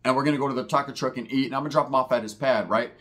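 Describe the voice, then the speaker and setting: A man's voice: mid-range voice, steady tone, very fast, fairly bright tone. A man telling a comedic story in a profane, slang-heavy, rambling way.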